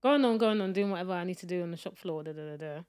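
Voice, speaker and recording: Lower-voiced young woman chatting. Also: very fast, a little mellow, clear, resonant tone. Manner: chatty anecdotal storytelling. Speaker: podcast co-host. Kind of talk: casual chat.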